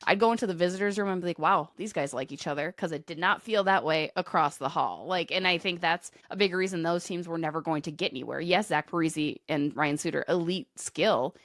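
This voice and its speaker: A woman's voice: lowish voice, brisk, few pauses, dry recording, studio quality. A woman co-hosting a hockey podcast, chatty and opinionated, talking loosely with many fillers. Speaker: podcast co-host, hockey reporter. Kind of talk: casual chat.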